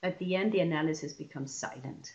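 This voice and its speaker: A woman leading a lesson for teachers, explaining patiently and stretching example words out slowly. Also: low voice, darkish tone. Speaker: teacher trainer.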